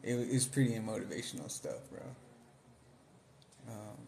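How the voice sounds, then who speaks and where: A man's voice: fairly low pitch, normal speed, creaky, dark tone, slight background noise. Laid-back young man chatting about movies. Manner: laid-back slangy rambling, laughs and mimics movie lines. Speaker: vlogger. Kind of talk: casual chat.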